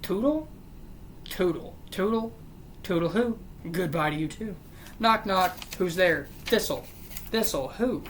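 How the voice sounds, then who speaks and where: Host reading a joke book out loud, deadpan, tired sarcastic side comments, mid pitch, bit of background hiss. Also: measured pace. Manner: deadpan question-and-answer joke reading with weary, sarcastic asides. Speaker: channel host.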